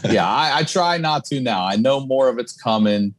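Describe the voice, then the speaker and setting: A man's voice: mid-range voice, expressive, normal speed. A man guesting on a podcast, talking candidly in casual chat and swearing freely. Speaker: comedian and single dad.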